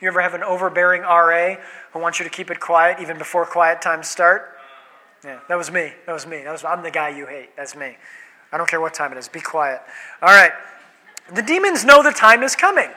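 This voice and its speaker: A man's voice: high-pitched, fairly quick, bright, forceful tone. A man preaching a sermon in a conversational way, asking rhetorical questions and voicing quoted speech. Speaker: pastor. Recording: long hall reverb.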